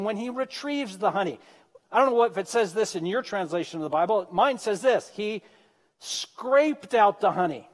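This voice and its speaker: A man's voice: high voice, in a large hall. A man preaching a sermon, retelling a scripture story with joking asides to his congregation. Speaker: pastor. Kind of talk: humorous sermon.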